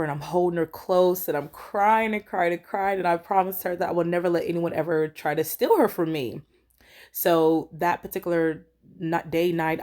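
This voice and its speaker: Low-voiced woman telling a personal story. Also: a little mellow. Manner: rambling, earnest, acts out quoted lines. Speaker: storyteller vlogger. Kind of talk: casual storytime.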